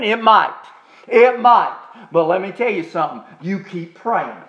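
A man preaching a sermon as pastor, stretching out key phrases slowly for emphasis. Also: high voice, a bit bright, muffled recording. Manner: preaching with slow, drawn-out emphasis on key words.

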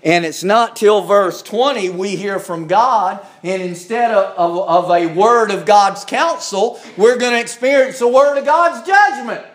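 A man preaching a sermon, slow and emphatic, climbing higher when he presses a point.

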